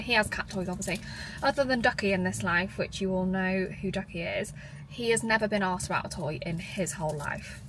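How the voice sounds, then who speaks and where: A woman's voice: medium pitch, background noise. A young woman chatting casually through a haul vlog at home, full of "like" fillers. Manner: drops to a near-whisper at times. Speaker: vlogger.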